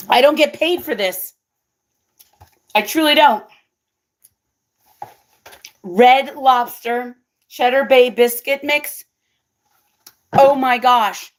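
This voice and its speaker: A woman with a slightly high voice hosts her own cooking vlog, chatting casually with viewers. She's excitable, constantly exclaiming and laughing.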